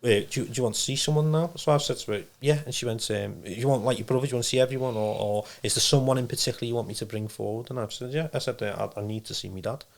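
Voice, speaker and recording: Male guest, rapid rambling storyteller, medium voice. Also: mid-range voice, gravelly. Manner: rambling, animated storytelling with acted-out quotes. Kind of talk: casual storytelling interview.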